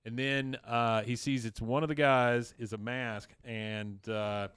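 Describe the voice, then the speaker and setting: A man's voice: mid-range voice, level tone, unhurried, a bit bright, smooth, dry recording. Man, podcast co-host, casual recap, rambling with fillers, dry close sound. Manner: rambling, many fillers, acts out lines.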